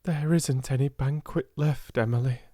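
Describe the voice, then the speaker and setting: A man voicing a sad, quiet young girl who speaks softly and gravely. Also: medium pitch, normal speed, dry recording, clean studio sound, voice pushed up, close to an everyday voice.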